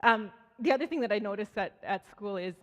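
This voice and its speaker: A woman from Canada with an animated, medium-pitched voice talks a little fast as she gives a conversational church sermon. She tells stories, acts out the voices she quotes, and often restarts, her words reverberating through the sanctuary.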